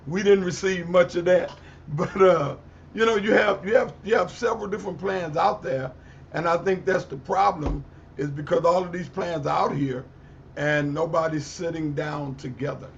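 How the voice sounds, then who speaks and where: A man, a pastor, speaking on a community panel in a deliberate way, searching for his words as he goes. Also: high voice, steady tone, gravelly. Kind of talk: panel discussion. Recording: muffled audio with faint background noise.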